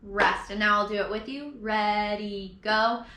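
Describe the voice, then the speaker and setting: A woman music teacher giving a recorded lesson to children, slowly counting beats and chanting rhythm words. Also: medium pitch, steady tone. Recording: echoey room with background noise.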